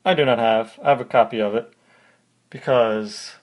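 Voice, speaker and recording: A man's voice: medium pitch, moderate pace. A man hosting a podcast, telling a personal story in a casual, conversational way, step by step. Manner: conversational, recounts events step by step. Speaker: podcast host.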